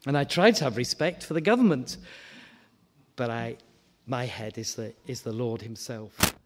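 Chatty preacher in a reverberant hall. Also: male voice, medium pitch, normal speed, a little hiss or hum. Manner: conversational, repeats words, rises to animated questions. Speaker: guest preacher. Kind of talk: informal sermon. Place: church hall.

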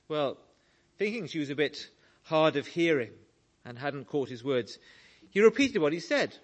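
A man preaching a sermon, slow and earnest, telling stories to make his point. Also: fairly high pitch, big pitch swings.

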